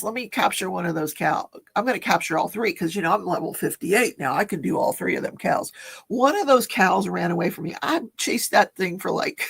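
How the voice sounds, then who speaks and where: A woman's voice: lowish voice, creaky, a bit bright, slightly rough. A woman hosting a casual livestream chat, reading viewer comments and telling stories with frequent laughter. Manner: chatty, laughs often, storytelling. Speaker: livestream host.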